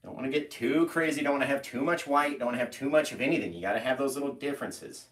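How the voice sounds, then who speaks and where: A man's voice: medium pitch, fast talker. A man teaching a live painting tutorial from his home studio, easygoing and playful, often laughing. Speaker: painting instructor. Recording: echoey room.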